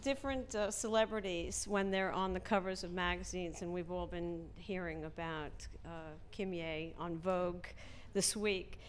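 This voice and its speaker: A woman asking halting questions as the moderator of a panel talk. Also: lowish voice, slight background noise.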